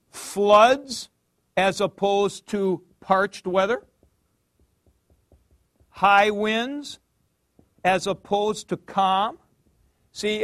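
A man's voice: sits high, a bit bright, dry recording, studio quality. A man teaching a class, explaining patiently, calling on students by name and thinking aloud as he goes. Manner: thinks aloud with fillers and restarts. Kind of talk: classroom lecture.

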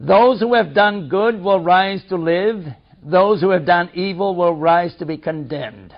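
A man reading a study text aloud in a measured, deliberate way. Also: sits high. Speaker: reader. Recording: dull lo-fi recording.

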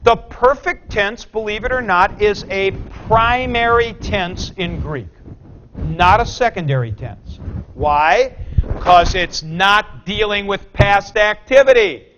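A man's voice: high-pitched, lively intonation, slow, fairly bright tone, a little hiss or hum. A man teaching a Greek grammar class, talking through the forms aloud and correcting himself as he goes. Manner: thinks aloud, corrects himself mid-explanation. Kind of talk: classroom lecture. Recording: dull lo-fi classroom recording.

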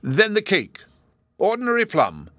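A man's voice: sits high, huge pitch swings, unhurried, fairly bright tone, no room sound, clean studio sound, pitched above the performer's own voice, full character voice. A man voicing a pompous, sulky emperor who grumbles and stammers indignantly. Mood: indignant grumbling. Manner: sulky, complaining, stammering with rage.

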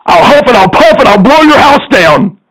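A man voicing a blustering big bad pig who booms threats in a storybook tale. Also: sing-song, normal speed, a bit bright, full character voice, poor audio. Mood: menacing. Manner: booming threats, huffing and puffing.

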